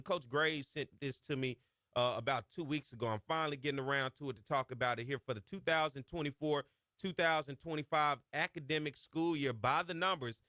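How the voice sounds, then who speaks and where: A man hosting a sports talk radio show, chatting casually in folksy slang and getting loud and high when he hypes a point. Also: no echo, studio quality. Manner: folksy Southern slang, chatty asides to his producer. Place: radio studio. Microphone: studio microphone.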